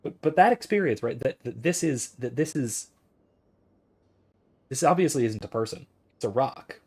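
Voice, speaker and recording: Husky-voiced man, 30s, casual philosophy streamer who thinks out loud. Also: mid-range voice, expressive, moderate pace. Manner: rambling, thinks aloud with restarts. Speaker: philosophy streamer reading chat.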